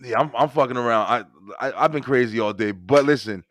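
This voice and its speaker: A man's voice: medium pitch, fairly quick, fairly bright tone, dry recording. Joking podcast host, a man. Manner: loose, joking, swears casually. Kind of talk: casual chat.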